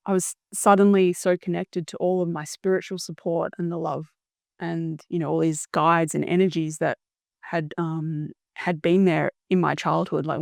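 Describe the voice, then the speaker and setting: A woman's voice: on the low side, creaky, dry recording, studio quality. A woman guest in an interview, telling her story in an earnest, reflective way, searching for words.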